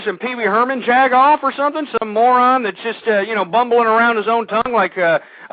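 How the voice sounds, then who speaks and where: A man with a high voice rambles through a talk radio monologue, repeating himself and working up to heated outbursts. His voice comes through a thin, phone-like line. The sound is dry and close. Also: fast, hardly any pauses, no room sound. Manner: rambling, repeats words, grows loud and heated. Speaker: radio host.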